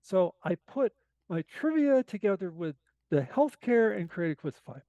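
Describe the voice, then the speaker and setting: A man with a hoarse-sounding voice, a podcast guest telling an animated, self-deprecating story full of asides. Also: high voice, normal speed, no echo, highs cut off. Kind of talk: casual storytelling.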